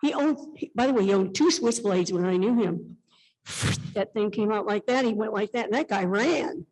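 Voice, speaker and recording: A woman's voice: mid-range voice, moderate pace, low-quality recording. A woman in her seventies, a guest at a conference interview, telling stories at length and acting out what people said. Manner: animated storytelling, acts out quoted speech.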